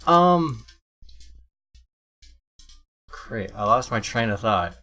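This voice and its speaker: A man's voice: lowish voice, animated, very slow, bright, forceful tone, faint music behind. A young man vlogging at home into a computer mic, rambling and apologizing, often restarting his sentences. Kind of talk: casual unscripted talk to camera. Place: room at home. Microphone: computer microphone.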